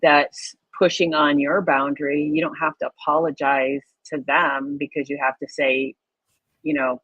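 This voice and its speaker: A woman's voice: low-pitched, little pitch movement, measured pace, a bit bright, husky, no echo. A woman co-hosting a spiritual livestream in casual chat, talking with many fillers and frequent laughs over a video call. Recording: dry, phone-like sound.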